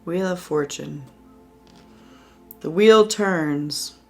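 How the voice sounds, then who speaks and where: A woman's voice: fairly low pitch, drawn-out words, a little mellow, faint music behind. A woman giving a casual tarot reading at home, chatty and reassuring, with lots of fillers. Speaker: tarot reader. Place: indoors at home by a window.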